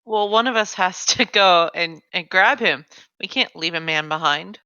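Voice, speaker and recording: Bright-voiced woman playing a tabletop game. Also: lowish voice, moderate pace, clean tone, no echo. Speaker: player. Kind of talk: casual tabletop play.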